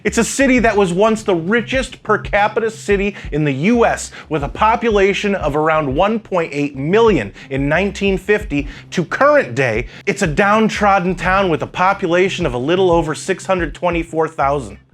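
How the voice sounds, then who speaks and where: High-voiced sarcastic male commentator. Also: expressive, moderate pace, few pauses, a bit bright. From Chicago, USA. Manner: sarcastic, wry. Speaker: political commentator. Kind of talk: scripted video commentary.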